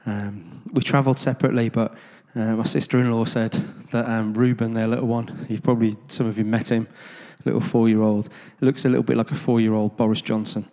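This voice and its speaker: A man's voice: on the low side, flat delivery, a little fast, dark tone. A man tells anecdotes to a gathered audience in a loose, conversational way, full of ums and self-deprecating asides. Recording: long reverb of a large hall.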